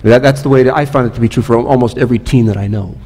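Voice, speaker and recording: A man's voice: mid-range voice, very fast, dark tone, long reverb tail. A man pastor preaching a sermon, conversational, asking the listeners rhetorical questions. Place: church sanctuary.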